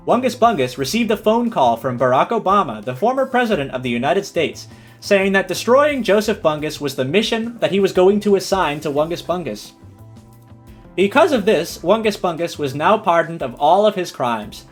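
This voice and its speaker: A man streamer reading a silly story aloud and chatting with his viewers, animated and giggly. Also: high voice, normal speed, breathy edge, faint music behind. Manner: animated, giggly, breaks into laughs.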